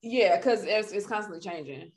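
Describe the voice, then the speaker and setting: Chill woman on a podcast, lively voice, trails off soft. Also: medium pitch, normal speed. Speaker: podcast co-host. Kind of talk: casual chat.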